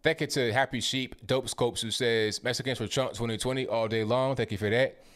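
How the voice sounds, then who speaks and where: A man's voice: medium pitch, fairly even intonation, a little fast, fairly bright tone. A man hosting a casual commentary livestream. He reads viewer comments aloud one by one and responds with blunt rhetorical questions and conversational slang. His delivery is informal and often stumbles into repeated words.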